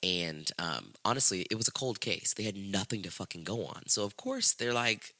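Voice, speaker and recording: A man hosting a podcast, telling a true-crime story in a casual, profane, slangy way and acting out the quotes in high squeaky voices. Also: normal speed, few pauses, no room sound. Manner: profane, slangy, animated retelling with acted-out quotes. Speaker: podcast host.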